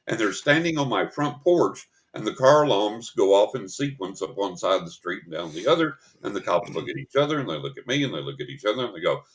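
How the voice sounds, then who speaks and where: A man's voice: lowish voice, big pitch swings, fast, few pauses. A man hosting a paranormal talk show, telling a story in casual chat and acting out the voices of the people in it.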